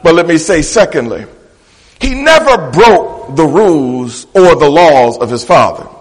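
A man's voice: fairly high pitch, big pitch swings, a little slow, breathy edge. A man preaching a sermon, pressing his points by repeating phrases and calling out to the congregation. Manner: emphatic, repeats phrases for effect. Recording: echoey hall reverb.

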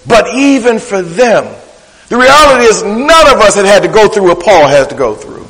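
Male pastor, high voice, rhythmic preacherly sermon with playful asides; long church reverb. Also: big pitch swings, normal speed, fairly bright tone.

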